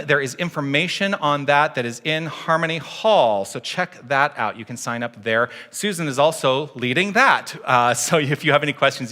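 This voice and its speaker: Relaxed male minister giving church announcements. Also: mid-range voice. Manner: relaxed, slightly tongue-tied, with fillers. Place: church sanctuary.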